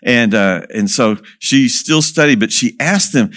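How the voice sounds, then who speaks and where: Lively storytelling man with a mid pitch. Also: unhurried. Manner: lively storyteller who asks the audience questions and chuckles. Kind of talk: storytelling talk to an audience.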